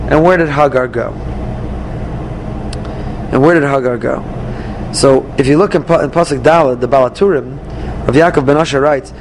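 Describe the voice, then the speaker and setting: A man teaching a Torah lesson, reading the verses and explaining them, acting out the dialogue with lively emphasis. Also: a little high, a little hiss or hum, rough recording. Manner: animated, acts out dialogue from the text with rising emphasis. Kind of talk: Bible study class.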